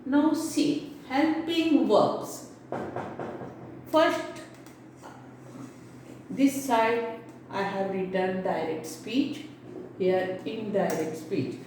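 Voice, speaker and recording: A woman's voice: medium pitch, drawn-out words, pauses often, a little mellow. A woman teaching an English grammar lesson, explaining step by step and checking in with "okay?" as she goes. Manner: explains step by step with many "now see" and "okay?". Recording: very echoey room with faint hiss.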